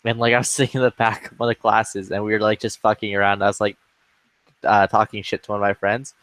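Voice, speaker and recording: A man's voice: fairly low pitch, little pitch movement, fast talker, fairly bright tone, no echo. A young man telling a school story in casual chat, laughing and swearing as he goes.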